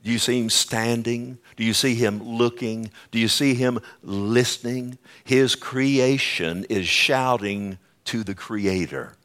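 A man preaching a sermon, swinging between loud emphasis and hushed, slow lines, asking the congregation for responses. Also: mid-range voice.

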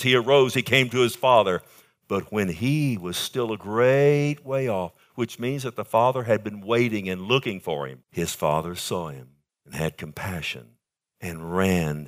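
Male pastor, dramatic sermon delivery with big swings in volume. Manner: preaching with dramatic swings in volume and pitch, calling for amens.

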